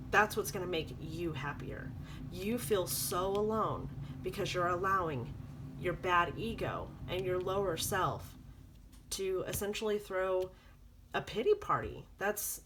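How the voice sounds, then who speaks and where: A woman's voice: mid-range voice, a bit bright, a little hiss or hum, low-quality recording. A woman doing a spoken tarot reading, coaching viewers in an earnest, repetitive way. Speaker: tarot reader.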